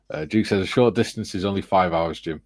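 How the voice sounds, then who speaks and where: A man's voice: sits low, darkish tone, dry recording. A man hosting a casual livestream, reading viewers' chat messages aloud and chatting with his panel. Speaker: livestream host.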